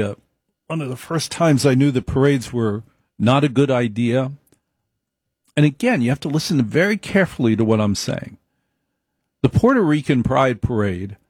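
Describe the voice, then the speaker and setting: A man's voice: mid-range voice, a little mellow, breathy edge, no room sound, studio quality. A man giving an opinionated monologue, emphatic, repeating his points and wandering into asides.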